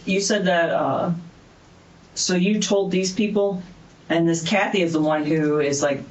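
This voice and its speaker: A man's voice: high-pitched, fairly even intonation, unhurried, slight background noise. Probing male detective in an echoey room. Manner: probing, pressing, hesitant fillers. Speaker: police detective. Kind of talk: interrogation questioning.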